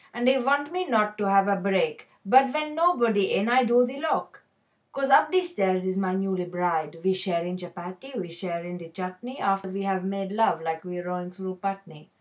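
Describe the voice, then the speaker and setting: A woman's voice: mid-range voice, moderate pace, lightly acted. A woman voicing a lovestruck young male shopkeeper in a put-on Indian English accent, reciting a dramatic poem in a rhythmic, singsong way. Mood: giddy. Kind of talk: dramatic poetry reading.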